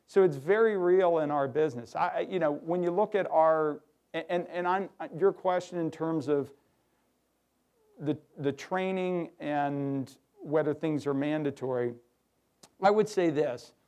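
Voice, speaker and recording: A middle-aged man giving a lively workshop talk to an audience, acting out quoted voices. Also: a little high, measured pace, clean tone. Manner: animated, acts out quoted voices. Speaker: workshop speaker. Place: hotel conference room.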